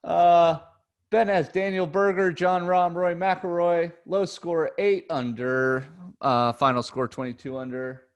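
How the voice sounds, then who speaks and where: A man co-hosting a golf podcast, talking in a relaxed, chatty way with frequent ums. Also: fairly high pitch, unhurried, smooth. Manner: relaxed, chatty, says um often. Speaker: podcast co-host. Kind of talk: casual chat.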